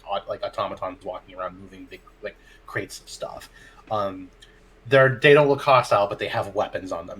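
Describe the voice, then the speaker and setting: A man's voice: on the low side, a bit bright, a little hiss or hum. A man, a dungeon master, telling a tabletop game story in casual chat, acting out his players' lines and laughing often.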